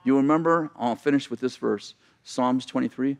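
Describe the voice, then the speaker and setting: A man's voice: mid-range voice, normal speed, creaky, few pauses. A man preaching a sermon as a pastor, retelling a story conversationally with asides and self-corrections.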